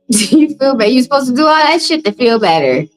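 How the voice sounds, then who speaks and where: Over music on a low-quality recording, a tarot reader on a live stream speaks fairly quickly in a voice that sits high with big pitch swings. Blunt and profane, she jokes with callers and breaks into laughter a lot during the casual chat.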